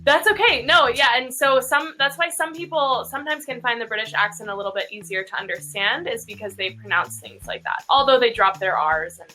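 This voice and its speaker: A young American woman, an English teacher, patiently explaining pronunciation with clear examples. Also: on the high side, a little fast, few pauses, pushed and bright, soft background music. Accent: General American.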